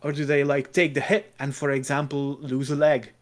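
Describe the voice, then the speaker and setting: A man's voice: mid-range voice, little pitch movement, normal speed. A man co-hosting a podcast in casual chat, talking about a game with enthusiasm. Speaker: podcast co-host.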